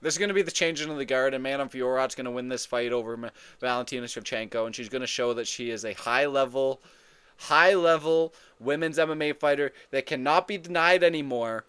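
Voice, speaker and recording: A man hosting a casual fight breakdown, talking in an excitable, profane way and often repeating and correcting himself. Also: medium pitch, brisk, smooth. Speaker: MMA fight predictions host.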